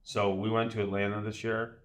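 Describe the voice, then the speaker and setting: A man's voice: on the low side, level tone, brisk. A man hosting a casual podcast, chatty and rambling with lots of fillers. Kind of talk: casual chat.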